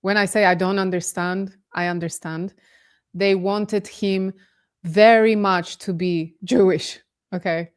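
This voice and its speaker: A woman from Poland, a guest on a casual podcast discussion, talking with animated, incredulous emphasis over a remote call. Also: mid-range voice, unhurried, smooth. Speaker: guest commentator.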